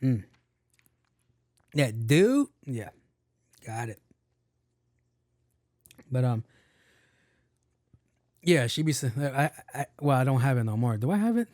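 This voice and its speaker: A man's voice: medium pitch, big pitch swings, slow, long pauses, darkish tone, no echo, studio quality. A man hosting his own podcast, talking in a rambling, casual way, swearing freely and stumbling over tongue twisters. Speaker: podcast host. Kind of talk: casual solo podcast chat.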